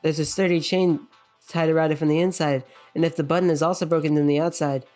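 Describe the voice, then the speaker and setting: A woman's voice: low voice, steady tone, fast, dark tone, faint music behind. A woman playing a game on a let's play channel, thinking aloud and reading the characters' lines in a plain voice. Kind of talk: casual game commentary reading dialogue aloud.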